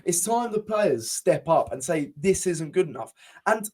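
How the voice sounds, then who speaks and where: A man co-hosting a football podcast, talking in an excitable, sweary, rambling way with many restarts. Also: sits high, a little slow. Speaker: podcast co-host. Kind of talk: casual football chat.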